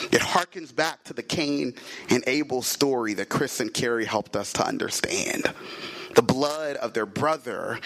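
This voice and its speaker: A man preaching a sermon in a rhythmic cadence, repeating phrases, stretching key words and sometimes shouting. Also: mid-range voice, low-quality recording.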